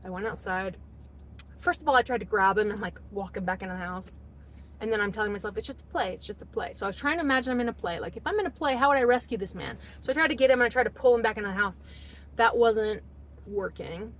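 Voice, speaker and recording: A woman's voice: mid-range voice, quick pace, fairly bright tone, slight background noise, rough recording. Emotional woman telling her story in a car. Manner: rambling, emotional, acts out quotes. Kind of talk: casual storytelling monologue.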